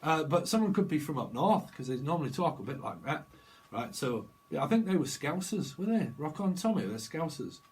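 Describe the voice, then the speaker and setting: A man's voice: fairly high pitch, very animated, brisk, darkish tone, low-quality recording. A middle-aged man giving a casual tarot reading, rambling and free-associating from one idea to the next. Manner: rambling, free-associating, drifts into playful voices. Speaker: tarot reader.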